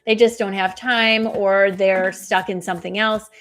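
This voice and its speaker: A woman hosting a live stream, giving spiritual oracle card readings and chatting with viewers in a fast, soothing way. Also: medium pitch, steady tone, slight background noise. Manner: talks fast. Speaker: intuitive reader and coach, live stream host.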